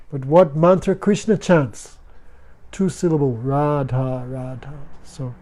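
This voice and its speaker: A man's voice: medium pitch, steady tone, slow pace, darkish tone. A man teaching a devotional class, speaking simple, broken English and chanting verses. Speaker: spiritual teacher.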